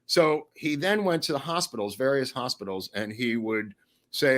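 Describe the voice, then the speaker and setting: A man chatting as a podcast guest, telling animated, rambling stories to the host. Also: mid-range voice, moderate pace. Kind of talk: casual storytelling.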